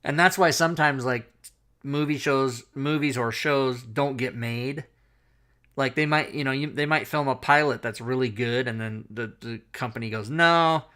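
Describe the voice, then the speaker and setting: A middle-aged man hosting a talk show, telling an animated, profane anecdote in casual chat. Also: mid-range voice, moderate pace.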